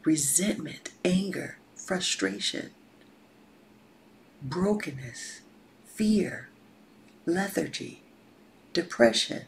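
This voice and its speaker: Gravelly woman preaching in whispers. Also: fairly low pitch, expressive, very slow, long pauses, a little hiss or hum, poor audio. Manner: drops to a whisper for emphasis; casual slang, repetitive, preachy. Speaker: life coach. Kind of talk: motivational talk.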